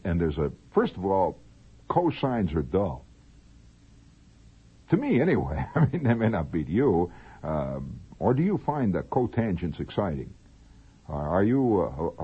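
A man's voice: deep voice, slightly rough. A man telling a long, digressive, humorous story in a rambling radio monologue. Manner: digressive, humorous, drawn-out asides. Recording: narrow lo-fi old radio recording.

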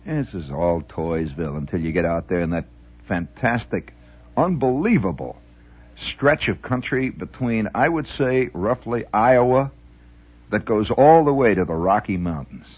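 A low, husky male voice spins a meandering, folksy tale. He drifts from one aside to the next with mock-grand flourishes. The dull, lo-fi sound suggests an old radio broadcast. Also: expressive, measured pace, darkish tone. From American Midwest, Indiana. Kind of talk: rambling monologue storytelling.

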